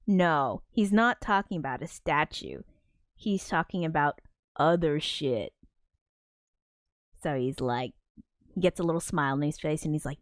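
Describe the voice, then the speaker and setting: A woman's voice: sits low, lively intonation, unhurried, fairly bright tone, no echo. A woman streaming live from a home studio, rambling casually with many fillers and restarts as she talks about film and music. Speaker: streamer discussing her film score. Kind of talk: casual livestream talk.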